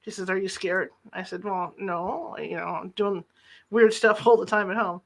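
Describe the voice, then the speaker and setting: Bright-voiced chatty podcast host. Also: medium pitch, fairly even intonation, normal speed, vocal fry. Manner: chatty, retells dialogue in quotes. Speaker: podcast host and former reporter. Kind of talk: casual anecdotal storytelling. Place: lives in the Sacramento area.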